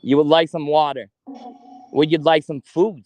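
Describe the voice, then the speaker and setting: A man, slowly asking spirits questions during a ghost hunt in a cemetery. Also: fairly high pitch, steady tone, a little mellow, no room sound. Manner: slow, coaxing questions with long pauses. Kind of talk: paranormal investigation, talking to spirits. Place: cemetery at night.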